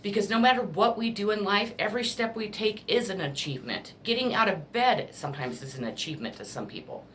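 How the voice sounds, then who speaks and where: A woman's voice: medium pitch, animated, brisk, few pauses, fairly bright tone, slight background noise. A woman reading tarot cards in a casual spiritual pep talk, earnest and emotional, blunt and ready to swear. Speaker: tarot card reader.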